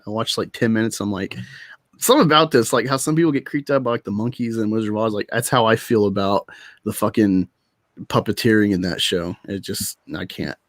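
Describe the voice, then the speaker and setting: A man's voice: lowish voice, a little fast, no echo, clean studio sound. A man co-hosting a casual live stream chat, talkative and opinionated, laughing often. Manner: chatty, opinionated about movies, laughs often.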